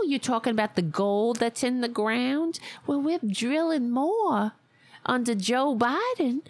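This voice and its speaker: A woman's voice: fairly high pitch, big pitch swings, takes it slowly, husky, no room sound. A woman podcast host with a Staten Island accent, giving sarcastic, mocking and profane political commentary. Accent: Staten Island New York.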